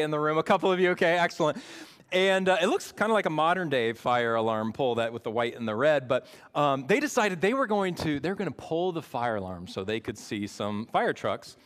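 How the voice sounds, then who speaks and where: Chatty pastor with a higher voice. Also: male voice. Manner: lively, chatty, keeps asking the congregation "right?". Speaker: campus pastor. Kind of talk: storytelling sermon. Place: church service before a congregation.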